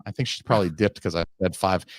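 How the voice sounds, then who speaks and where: A man's voice: low voice, fast, no room sound, clean studio sound. A man hosting a podcast, telling a long, profane, ranting story in casual chat. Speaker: podcast host.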